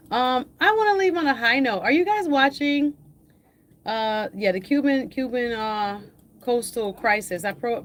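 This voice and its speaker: A woman's voice: medium pitch, slight background noise. A woman hosting a livestream, chatting through the news in a casual, hesitant way with many fillers. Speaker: host.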